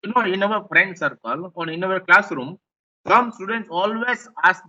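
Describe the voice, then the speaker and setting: A male lecturer with an Indian English accent explains his points, often saying them twice. His voice sits high and sounds very bright and sharp. The recording is dull and lo-fi. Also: moderate pace. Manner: repetitive, explanatory, rephrases points. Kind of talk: classroom lecture.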